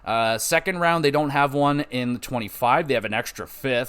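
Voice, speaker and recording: A man's voice: mid-range voice, normal speed, few pauses, clear, resonant tone. Man, podcast host, casual solo show, medium voice, rambling, swears a lot, corrects himself. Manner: rambling, swears freely, lively asides and self-corrections.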